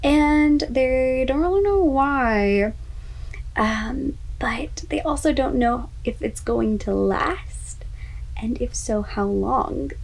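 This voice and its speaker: A woman with a fairly high voice talks slowly and unhurriedly as she reacts to a book. She gushes, exclaims often and now and then drops into a whisper, in a casual vlog chat. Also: lively intonation, gravelly, darkish tone, low-quality recording. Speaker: book vlogger.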